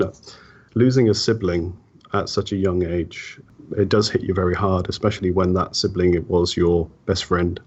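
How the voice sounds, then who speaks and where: A man, speaking with feeling as a podcast guest in a halting, heartfelt way, often repeating words. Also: low voice, husky, highs cut off. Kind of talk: reflective personal interview talk.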